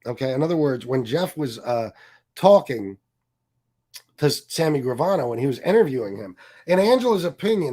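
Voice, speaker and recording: A man's voice: mid-range voice, expressive, moderate pace. A man hosting a live stream, ranting angrily with frequent profanity and mocking asides. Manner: angry, profane and mocking, with many fillers. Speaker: streamer host.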